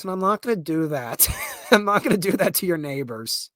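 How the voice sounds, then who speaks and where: A man's voice: high voice, animated, moderate pace, fairly bright tone, no room sound, clean studio sound. A young man with a Pittsburgh accent, hosting a podcast and ranting casually, laughing and restarting as he goes. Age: young adult. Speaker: podcast host. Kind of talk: casual rant.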